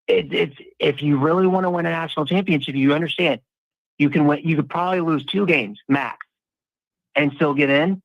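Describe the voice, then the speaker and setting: A man's voice: fairly high pitch, a little fast, gravelly, dry recording, highs cut off. A man in casual sports talk, analyzing football at length with frequent restarts.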